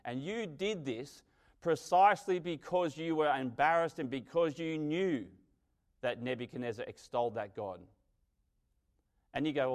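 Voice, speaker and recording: A man preaching a sermon, telling stories with dramatic swings from loud to quiet. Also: mid-range voice, moderate pace, pauses often. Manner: animated storytelling, dramatic swings in loudness.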